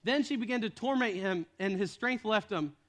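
A man's voice: high-pitched, expressive, moderate pace. A man preaching a sermon as a retold story, casual in tone with joking asides.

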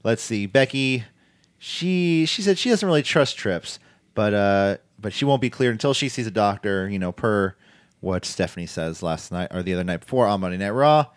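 A man's voice: lowish voice, expressive, normal speed, no room sound. Man, casual recap chat, acts out quotes, dry close sound. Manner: recaps scenes, acting out quoted lines. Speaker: podcast co-host.

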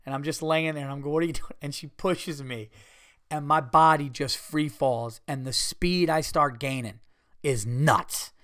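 Profane, animated storytelling man. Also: fairly high pitch, normal speed, no echo, clean studio sound. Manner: animated, profane, retells scenes with quoted voices. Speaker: podcast host. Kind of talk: casual storytelling monologue.

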